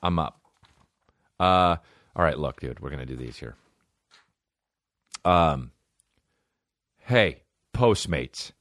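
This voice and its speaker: A man's voice: a bass voice, slow pace, pauses often, a bit bright, dry recording. A man hosting a comedy podcast from his home studio, riffing with lots of swearing. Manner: profane, riffing, jumps into silly voices. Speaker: podcast host. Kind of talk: casual comedic chat.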